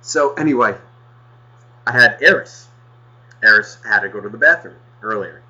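With a lowish, bright, forceful voice at a moderate pace, a man rants through a long, rambling story to his co-host, swearing every few words. He's animated and keeps restarting himself. The audio sounds muffled and lo-fi.

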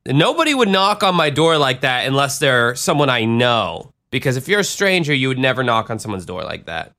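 A man's voice: medium pitch, very animated, brisk, sharp tone. A man hosting a podcast, telling a profane, rambling story in a self-deprecating way. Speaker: podcast host and DJ. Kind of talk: casual storytelling.

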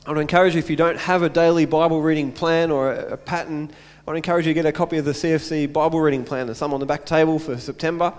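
A man's voice: on the high side, fairly even intonation, racing, hardly any pauses, clean tone. Earnest male pastor in a reverberant church. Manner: earnest, repeats phrases and asks rhetorical questions. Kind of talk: sermon.

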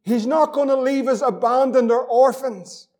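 A man's voice: very high-pitched, moderate pace, a little mellow. A man preaching a fervent sermon as pastor, repeating phrases and reading scripture aloud.

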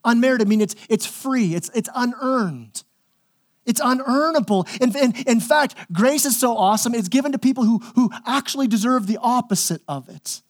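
Male pastor, higher register, conversational and emphatic sermon delivery with frequent repetition. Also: normal speed. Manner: conversational and emphatic, repeats words when pressing a point.

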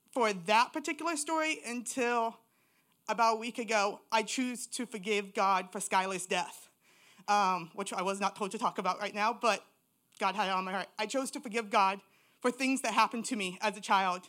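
A woman's voice: medium pitch, normal speed, fairly bright tone. Candid woman sharing her testimony. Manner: raw, candid storytelling. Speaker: church member giving testimony. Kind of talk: personal testimony in church.

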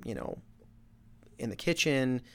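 A middle-aged man, a real estate agent, telling a story in a casual, animated, self-mocking way. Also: medium pitch, unhurried, gravelly. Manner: animated, self-mocking, with many fillers and restarts.

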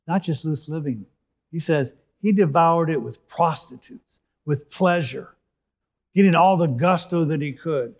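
A man preaching a sermon, reading scripture and explaining it, rising for emphasis and then dropping to a soft close. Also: on the high side, moderate pace.

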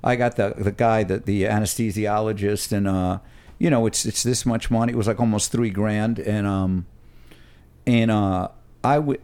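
A man's voice: fairly low pitch, steady tone, normal speed, darkish tone. A man telling a story animatedly while chatting as a guest on a podcast recorded at home. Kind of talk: casual chat.

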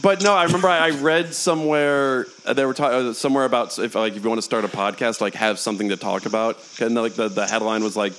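A man's voice: fairly low pitch, fairly even intonation, fast, few pauses, fairly bright tone, slight background noise. A man co-hosting a podcast in casual chat, jokey and swearing, often laughing. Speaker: podcast co-host.

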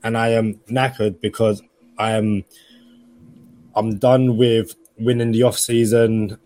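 A man's voice: lowish voice, darkish tone, no room sound. A British man speaking as a podcast guest, weary and explaining his own slang. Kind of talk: casual podcast chat.

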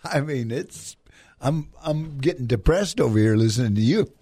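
A man's voice: medium pitch, expressive, moderate pace, dark tone, slightly rough, dry recording. A man co-hosting sports talk radio, teasing his partner. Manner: teasing, laughs easily.

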